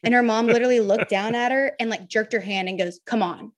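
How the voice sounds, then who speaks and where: A young woman co-hosting a podcast, telling lively stories and mimicking people in raised voices. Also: on the high side, fast talker. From Southern United States. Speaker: podcast co-host. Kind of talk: casual sports chat.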